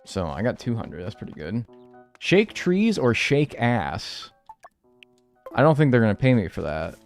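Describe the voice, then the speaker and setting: A man's voice: mid-range voice, a little slow, soft background music. A man streaming a game live, chatting with his viewers and swearing freely as he plays. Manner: animated, swears freely, banters with chat. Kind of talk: live gameplay commentary.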